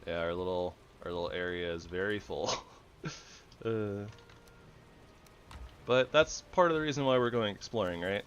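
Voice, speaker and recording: Deep male voice, casual gameplay commentary, relaxed, self-correcting, faint room noise. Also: moderate pace, pauses often, highs cut off. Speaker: gamer.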